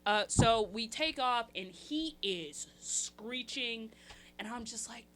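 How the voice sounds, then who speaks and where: A young woman spins a funny story as a podcast guest, chatty and full of laughs, jumping into little voices for everyone in it. Her voice sits a touch high and rings bright and clear, with a soft hiss faintly behind her. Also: slow pace. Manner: animated, acts out quotes with shifting voices. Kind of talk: casual storytelling.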